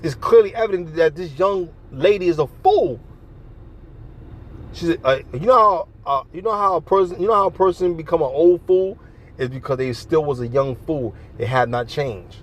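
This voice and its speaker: A man's voice: a little high, expressive, moderate pace. A man preaching bluntly and profanely outdoors on a city street, with traffic passing behind him. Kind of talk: open-air street preaching.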